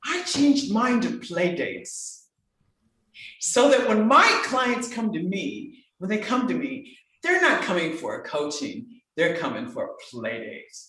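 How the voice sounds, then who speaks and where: Woman voice coach, emphatic and animated, lower-pitched voice, heavy room echo. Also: slow pace. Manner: animated, emphatic, swings between bright exclamations and soft earnest asides. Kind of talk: enthusiastic conversational podcast talk. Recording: very echoey room.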